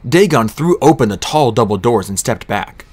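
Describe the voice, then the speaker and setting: A man reading a fantasy novel aloud as an audiobook narrator, with an expressive delivery. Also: mid-range voice, normal speed.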